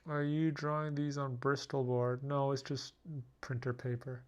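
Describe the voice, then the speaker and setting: A man's voice: medium pitch, level tone, normal speed, clear, resonant tone. A tired man drawing late at night, naming each part in terse single words and making self-mocking asides to himself. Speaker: artist drawing on camera. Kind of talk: casual talk to himself while drawing.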